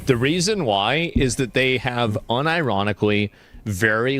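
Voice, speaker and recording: A man's voice: medium pitch, expressive, a little slow, fairly bright tone, no echo. A man commenting in a played stream clip, blunt and dismissive in his opinions. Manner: emphatic, dismissive.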